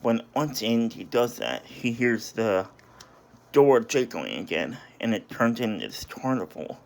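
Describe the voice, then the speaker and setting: A man's voice: medium pitch, expressive, a little slow, vocal fry. A man casually recapping a story, hesitant and apologetic, with many restarts and self-corrections. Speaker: video reviewer.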